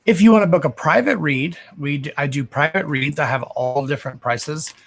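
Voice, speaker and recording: A man's voice: on the high side, normal speed, vocal fry, a bit bright. A young man hosting a psychic reading livestream, chatting casually with viewers by name, swearing freely and laughing often.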